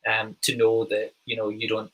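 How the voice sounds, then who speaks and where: Bright, husky Glaswegian man. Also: fairly low pitch, completely flat delivery, low-quality recording. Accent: Scottish, Glaswegian, toned down. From Glasgow, Scotland. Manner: halting, full of ums and restarts. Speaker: podcast host. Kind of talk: casual interview chat.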